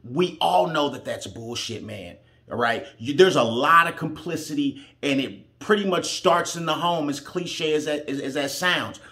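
A man's voice: on the high side, moderate pace, bright, forceful tone. A man giving reaction commentary, blunt and heated, swearing freely as he argues his point. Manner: blunt, heated, profane, preachy. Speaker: reaction show host.

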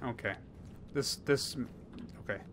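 A man's voice: mid-range voice, takes it slowly, fairly bright tone, a little hiss or hum. A young man commenting on his gameplay, thinking aloud and trailing off mid-sentence. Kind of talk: let's play commentary.

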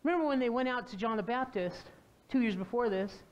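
A woman pastor preaches a lively sermon with a slightly high voice. She tells the story with animation and stops to put questions to her listeners. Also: a little fast. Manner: asks the congregation questions.

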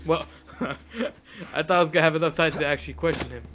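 A man commentating his own gameplay, excitable, yelling at the game and laughing often. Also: a little high, a little fast, music in the background. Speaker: gaming channel host. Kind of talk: let's play commentary. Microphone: face cam desk mic.

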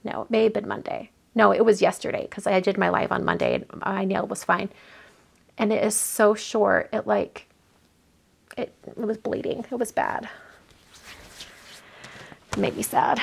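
Speaking at a moderate pace, this woman has a mid-range voice that's gravelly with a breathy edge. She hosts a casual card-making livestream, gushing and chatting while opening viewer mail and filling her thinking-aloud with fillers.

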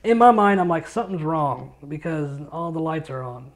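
An excitable man tells stories on a casual podcast, with plenty of swearing. He records from his home studio. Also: on the high side, normal speed. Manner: excitable storyteller, swears a lot. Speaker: podcast co-host.

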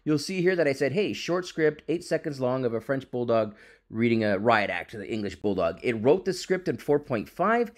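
A man hosting a software tutorial, talking casually and with big enthusiasm as he clicks through the screen. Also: mid-range voice, big pitch swings, normal speed. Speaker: tech YouTube host.

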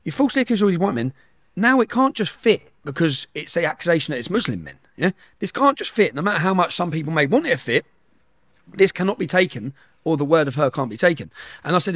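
A man's voice: a little high, very animated, fast, fairly bright tone, no echo, clean studio sound. A middle-aged man, telling a story at speed in an interview and acting out the dialogue. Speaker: guest.

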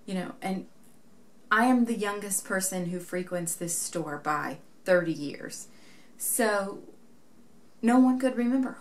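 A woman's voice: mid-range voice, unhurried. A young woman vlogging to camera, telling a story in a chatty way and acting out what people said. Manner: chatty, retells events acting out quoted dialogue. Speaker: knitting vlogger.

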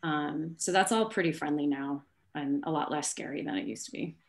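A woman with a low voice gives a relaxed talk over a video call. She speaks casually and fills her pauses with frequent ums. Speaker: speaker at a tech meetup. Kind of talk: conference talk and Q&A answers.

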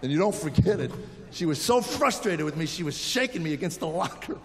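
A man's voice: fairly high pitch, big pitch swings, a little fast, slight background noise. A man in his sixties from the United States, telling stories in a stand-up comedy set and acting out the quoted lines. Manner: storytelling with acted-out quotes. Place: large hall with audience. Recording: live hall reverb.

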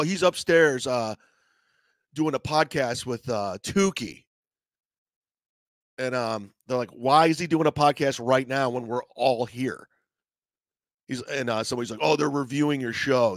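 A man's voice: medium pitch, moderate pace, dry recording. A man telling a story in a casual, profane rant, acting out what other people said. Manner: animated, profane, acts out other people's lines. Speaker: comedian telling a story on his show.

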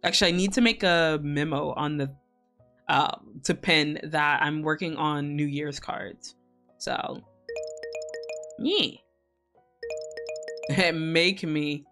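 A woman's voice: low-pitched, slow, long pauses, fairly bright tone, faint music behind. A young woman hosting a co-working stream, chatting casually with viewers in a rambling way, full of fillers, swearing and laughter.

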